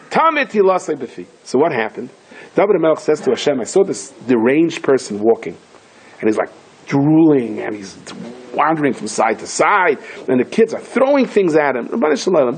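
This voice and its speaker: American rabbi giving a lively torah talk, bit husky, shouts out the story voices. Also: male voice, a little high. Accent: American English with Yiddish and Hebrew words. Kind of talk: Torah lecture.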